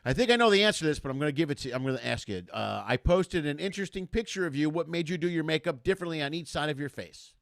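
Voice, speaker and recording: A man's voice: a little high, animated, rapid-fire, gravelly, hardly any pauses, a bit bright, no echo, clean studio sound. A man hosting a comedy interview over a video call, enthusiastic and rambling with many fillers. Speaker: show host.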